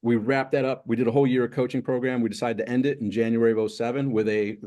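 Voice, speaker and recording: In an interview, a middle-aged success coach talks fast in a warm, steady, medium-pitched voice. He lays out steps in emphatic lists, repeating them for emphasis.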